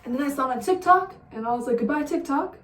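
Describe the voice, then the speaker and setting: A woman's voice: sits high, animated, fast, a little hiss or hum. A young woman vlogger telling a rambling, profane story in a casual storytime way. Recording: roomy sound, distant mic.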